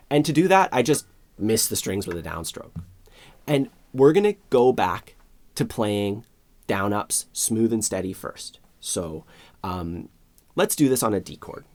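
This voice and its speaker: A man's voice: on the low side, darkish tone. A man giving a friendly step-by-step guitar lesson, counting beats aloud and vocalizing strums. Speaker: guitar teacher. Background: guitar strumming and backing track.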